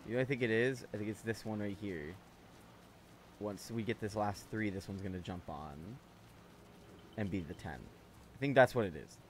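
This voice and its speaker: A man's voice: on the low side, normal speed, pauses often, a little hiss or hum. A man playing a video game and talking to himself with frustrated, swear-heavy commentary. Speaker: gaming channel host. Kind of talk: let's play commentary.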